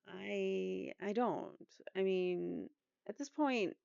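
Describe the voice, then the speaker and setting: A woman's voice: medium pitch, extremely slow, gravelly, long pauses, a little mellow, clear, resonant tone, no room sound, dull audio. A woman hosting a true crime commentary channel, talking casually and outspokenly to her viewers. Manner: outspoken, exasperated, chatty.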